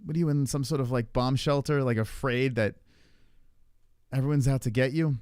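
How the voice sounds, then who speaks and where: A man hosts a live stream, chatting casually and reacting to viewer comments with swearing, laughter and rambling restarts. His mid-range voice is a little mellow, clear and resonant, with fairly even intonation at normal speed. The recording is dry and studio quality.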